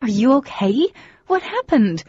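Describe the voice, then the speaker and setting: Frantic, indignant teenage girl in an audiobook, raised voice, husky edge, dull recording, read by a woman. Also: on the low side, moderate pace, dry recording, natural voice. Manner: shouting, indignant.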